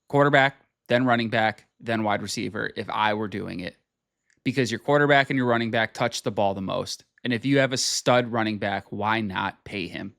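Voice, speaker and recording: Male sports talk host, mid pitch, blunt and emphatic, dry close recording. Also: fairly bright tone, dry recording. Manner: blunt, emphatic, repeats himself, swears. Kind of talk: casual opinionated sports talk.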